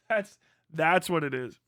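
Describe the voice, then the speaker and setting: A man hosting a livestream, ranting casually in a profane, rambling way and mimicking people in quick put-on voices. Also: fairly high pitch, fairly bright tone, no echo, clean studio sound. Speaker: livestream host. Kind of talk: casual rant.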